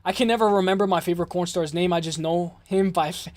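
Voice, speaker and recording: A man with a rather high voice hosts a live fight stream in a loose, casual way. He swears freely and chats straight back to his viewers. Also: a little fast, few pauses, dry recording. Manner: loose, swearing, reads chat aloud. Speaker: host of a live MMA stream.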